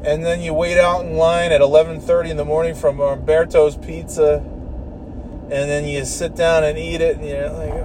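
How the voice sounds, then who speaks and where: A man's voice: a little high, a little fast, noisy background. Profane rambling man ranting. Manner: profane, rambling, exasperated, with frequent restarts. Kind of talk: casual rambling rant.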